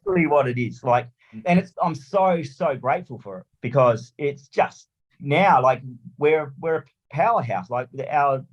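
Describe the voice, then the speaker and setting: An Australian man telling a story on a podcast, animated and swearing, acting out little scenes. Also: medium pitch, normal speed, lo-fi sound. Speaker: lawn mowing franchisee guest.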